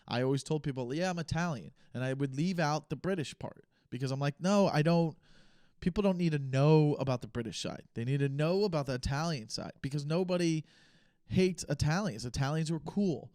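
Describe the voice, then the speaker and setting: A young man hosting his own podcast, thinking aloud in a rambling, unscripted way with pauses and restarts. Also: fairly high pitch, warm tone, no echo, clean studio sound. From United States. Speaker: podcast host. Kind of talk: casual solo podcast talk.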